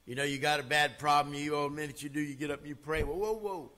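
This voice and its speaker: A man preaching a sermon as pastor, folksy and emphatic, swinging from loud to quiet. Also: fairly high pitch, fairly even intonation, fast talker, few pauses.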